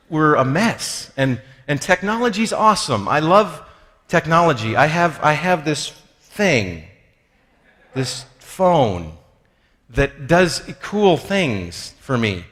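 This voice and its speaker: A man's voice: on the high side, big pitch swings, takes it slowly, fairly bright tone. A man giving a conversational teaching talk on spiritual life, joking at his own expense and acting out the voices of people he quotes. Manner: conversational, acts out quoted voices, self-deprecating jokes. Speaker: speaker on spiritual formation. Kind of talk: lively teaching talk with humor. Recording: long reverb of a large hall.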